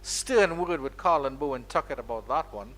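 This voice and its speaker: A man with a Caribbean accent giving live, playful ball-by-ball cricket commentary, his voice climbing high when the ball runs to the boundary. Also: expressive, normal speed, fairly bright tone. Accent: Caribbean English. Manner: playful, rises sharply on boundaries.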